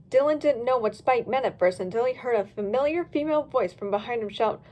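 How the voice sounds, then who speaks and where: A woman narrating a fan-written story with a storybook lilt. Her voice is high and swings expressively from line to line. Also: a little fast, few pauses. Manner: lively storybook reading. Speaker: reader.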